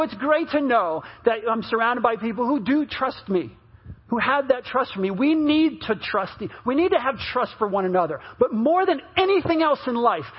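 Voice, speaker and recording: A male pastor with a very high, husky voice tells a story in his sermon, chatty and full of restarts. The sound is dull and muffled. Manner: chatty storytelling with many restarts, rising and louder at the punchlines.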